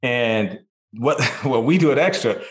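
A man in his thirties, a guest in a casual interview, telling stories in a lively way and acting out what others said. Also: mid-range voice, unhurried. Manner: animated, acts out quotes in voices. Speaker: podcast guest, sports broadcaster. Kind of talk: casual storytelling chat.

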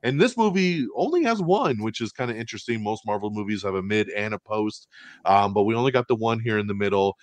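Guy hosting a movie review chat, lowish voice, dry close sound, acts out the lines. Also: quick pace, no room sound. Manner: animated, acts out quoted lines, swears casually. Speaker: podcast co-host.

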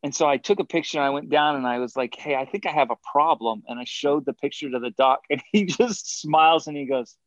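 A man as a guest in a casual interview, telling animated stories and acting out quotes between chuckles. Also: fairly high pitch, brisk, few pauses, dry recording, lo-fi sound. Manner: animated anecdotes, acts out quotes, chuckles often. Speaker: guest athlete.

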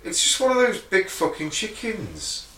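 Man, podcast co-host, animated swearing banter, bright tense voice, distant, roomy. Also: high voice, moderate pace, slight background noise. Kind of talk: casual chat. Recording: roomy recording from off-mic.

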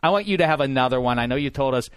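A man hosting a casual sports podcast, lively and jokey, talking with lots of fillers and restarts. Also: mid-range voice, racing, clear, resonant tone, no room sound. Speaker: podcast host.

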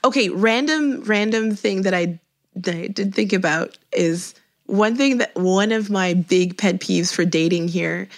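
A Canadian woman chats casually in English, her French accent shifting between Quebecois, Franco-Ontarian and Parisian. She restarts often and laughs, speaking in a mid-range voice at a slightly slow pace.

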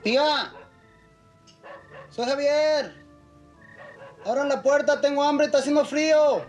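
Lost young guy begging at the door, high pitched. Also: a little slow, darkish tone, highs cut off, faint music behind. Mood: pleading. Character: stranded young man seeking his aunt.

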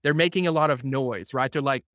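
A man hosting a podcast, talking casually to a group of entrepreneurs on a video call, animated and blunt, acting out quotes as he goes and swearing now and then. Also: medium pitch, a little fast, no room sound, clean studio sound. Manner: animated storytelling with acted-out quotes. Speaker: podcast host speaking to entrepreneurs.

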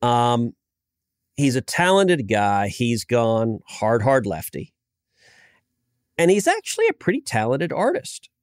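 A man's voice: mid-range voice, huge pitch swings, takes it slowly, pauses often, no room sound, clean studio sound. A man in his forties from the United States, a senator chatting as a podcast guest, telling stories with frequent restarts and stammers. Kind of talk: casual political podcast chat.

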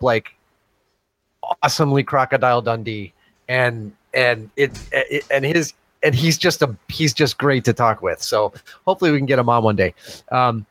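A man's voice: mid-range voice, a bit bright, dry recording. A male podcast co-host talks in a loose, chatty way. He laughs easily while reading listener comments aloud. His voice sits dry and close to the mic.

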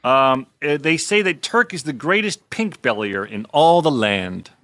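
A man in his forties with a bright, sharp voice that swings widely in pitch. He chats casually and expressively, laughing easily. The sound is dry and close. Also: lively intonation, unhurried, no echo. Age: 40s. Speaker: co-host. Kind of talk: casual podcast chat.

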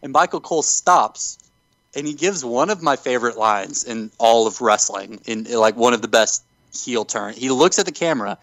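A man hosting a podcast, telling a story with animated enthusiasm in casual chat. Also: medium pitch, normal speed, dry recording, poor audio. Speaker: podcast host.

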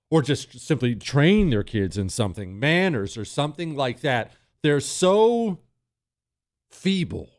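A man hosting a talk radio show, delivering an emphatic monologue with sarcastic, mocking asides. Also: medium pitch.

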